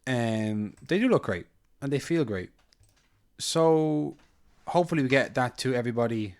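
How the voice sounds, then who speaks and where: A man's voice: medium pitch, lively intonation, normal speed, a little mellow. A man co-hosting a casual podcast, rambling with lots of ums and restarts. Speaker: podcast co-host.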